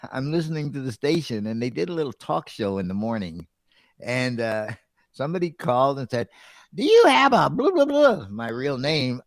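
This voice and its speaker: A man's voice: medium pitch, dry recording, clean studio sound. A middle-aged man and radio show host, casually telling a story and acting out the other people's lines.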